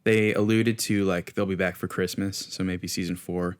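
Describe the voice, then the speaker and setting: A man's voice: sits low, steady tone, normal speed, smooth. A man co-hosting a podcast, talking loosely with many restarts and fillers. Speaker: podcast co-host. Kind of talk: casual chat.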